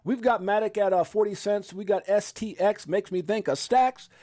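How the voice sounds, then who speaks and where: A man hosting a casual live stream, excitable and joking, often exclaiming as he runs through prices. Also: high-pitched, moderate pace. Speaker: crypto live stream host.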